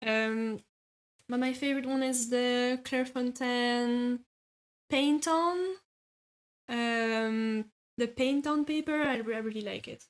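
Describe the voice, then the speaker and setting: A woman streamer with a French accent chats casually while drawing, reading and answering viewer comments. Her voice is a little high, steady, slow, clear and resonant; she's hesitant, full of filler sounds, and laughs often.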